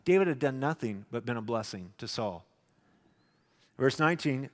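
A man preaching a sermon, dramatic, acting out the quotes loudly and then dropping to a hush. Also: fairly high pitch, sing-song, normal speed. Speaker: pastor. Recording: long echoing reverb of a large hall.

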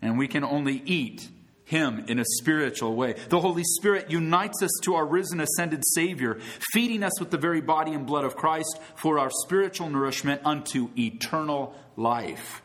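A man's voice: fairly high pitch, normal speed, fairly bright tone. A man preaching a sermon to his congregation, emphatic, calling them friends and asking rhetorical questions, with rising bursts on key words. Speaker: pastor.

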